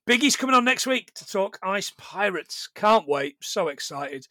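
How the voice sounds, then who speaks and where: Male podcast host, high and bright, very expressive, sweary, dry close mic. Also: moderate pace, few pauses, no room sound. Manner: sweary, animated, laughs often. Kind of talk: casual podcast chat.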